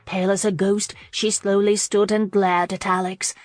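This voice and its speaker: A woman's voice: mid-range voice, flat delivery, moderate pace, dry recording. Woman narrating an audiobook, dry sound. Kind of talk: scripted narration of a historical romance.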